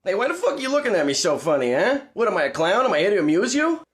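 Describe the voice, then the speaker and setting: A woman's voice: medium pitch, sing-song, racing, voice pushed down, close to an everyday voice. A woman voicing a rude, hot-headed male shark puppet with a Boston accent, in a comedy puppet skit. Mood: hostile. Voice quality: gruff, swearing. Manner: combative, short-tempered.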